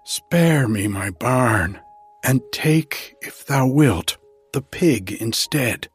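A man's voice: medium pitch, lively intonation, drawn-out words, husky, faint music behind, heavily acted. A man doing a pleading young housewife. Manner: pleading, mock-humble. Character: young mother pleading, then defiant.

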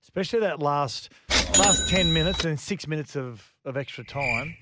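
A man on a radio show, delivering sports comment and quirky news items briskly. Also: fairly high pitch, very noisy. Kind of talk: casual radio news chat.

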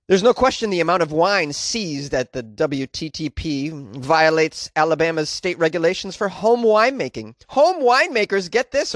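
An American man hosting comic news commentary, energetic and wisecracking, laughing at his own jokes. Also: sits high, dry recording, clean studio sound. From United States. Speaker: podcast host.

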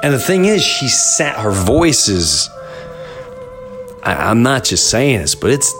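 A middle-aged man hosting a podcast, telling a story in an animated, rambling way and often repeating himself. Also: medium pitch, slow, music in the background. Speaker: podcast host. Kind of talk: casual storytelling monologue.

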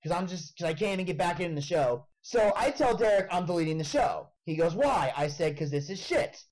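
A man hosting a casual podcast chat, telling a story in an animated way and swearing freely. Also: high voice, fairly quick, poor audio. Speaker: podcast host.

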